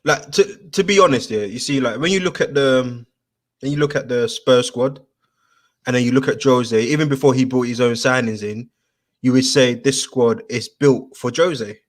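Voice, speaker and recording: A man hosting a casual football chat, telling stories in an animated, slangy way with lots of fillers. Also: medium pitch, moderate pace.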